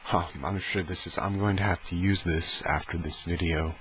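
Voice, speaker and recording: A man speaking softly for an ASMR video, slow and playful as he demonstrates sounds at home. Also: fairly even intonation. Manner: slow deep soft-spoken, playful and rambling. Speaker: ASMR creator. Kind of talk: ASMR soft-spoken demonstration. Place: home room with heater fan running. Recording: low-quality recording with fan noise. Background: heater fan hum.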